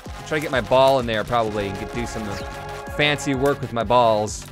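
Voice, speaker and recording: A young man commenting on his own game run, excitable, swinging from quick mumbles to loud whoops and swearing freely. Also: mid-range voice. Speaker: gaming YouTuber. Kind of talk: Let's Play commentary. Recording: game music playing behind.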